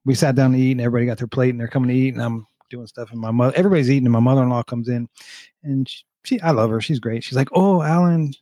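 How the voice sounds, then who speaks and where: A man's voice: medium pitch, fairly even intonation, dark tone, no echo. A man co-hosting a casual faith podcast, telling a story about himself with a self-deprecating laugh. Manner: self-deprecating, laughs often, quick backchannels. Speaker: podcast co-host.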